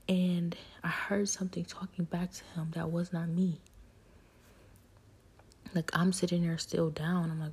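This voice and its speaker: A woman telling a personal spiritual testimony in an intimate, halting way, often sinking into a near whisper. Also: deep voice, level tone, gravelly, a little mellow, slightly rough. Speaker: speaker sharing her story.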